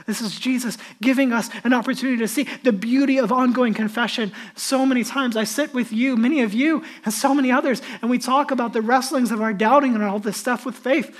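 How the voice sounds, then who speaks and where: A male pastor delivers a sermon in a relaxed, conversational tone. He is earnest and often turns to the congregation with direct questions. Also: very high voice, brisk, hardly any pauses.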